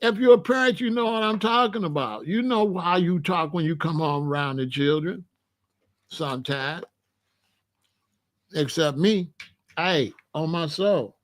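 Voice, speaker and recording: A man in his sixties telling stories in a casual, animated way, full of street slang and "you know what I'm saying.". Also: fairly high pitch, a little slow, pauses often. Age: 60s. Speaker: channel host. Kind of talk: casual storytelling monologue.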